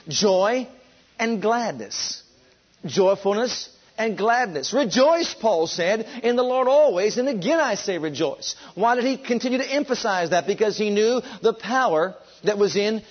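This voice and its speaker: High-voiced fervent male preacher. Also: muffled recording. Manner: fervent, drawn-out emphatic delivery; leads the congregation in call and response. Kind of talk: sermon.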